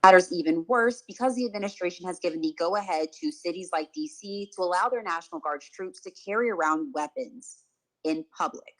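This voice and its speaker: A woman narrating a scripted news explainer video, reading in a steady, even way. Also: lowish voice, fairly quick, rough recording.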